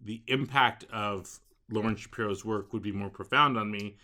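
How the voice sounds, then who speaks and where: A man with a bright, forceful edge to his voice, chatting about poetry. He thinks aloud, hesitating and restarting as he works out his view. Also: on the low side, moderate pace. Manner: thoughtful, hesitant with frequent "um". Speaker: book discussion co-host. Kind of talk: casual chat.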